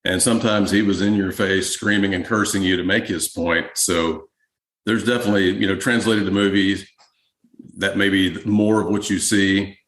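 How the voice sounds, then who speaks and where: A man, a historian guest, answering interview questions in a relaxed, conversational way with frequent fillers. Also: low-pitched, normal speed, roomy sound.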